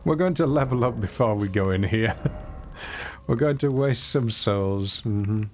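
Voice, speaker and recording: With slight background noise behind him, a streamer narrates his gameplay at a measured pace in a mid-range voice. He's lively, wanders off into self-mocking anecdotes, and reacts out loud to what happens.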